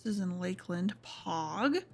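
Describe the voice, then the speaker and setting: A young adult woman streaming a game, chatting casually in a relaxed, drawling way. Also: on the low side, measured pace, vocal fry. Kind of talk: casual chat while gaming.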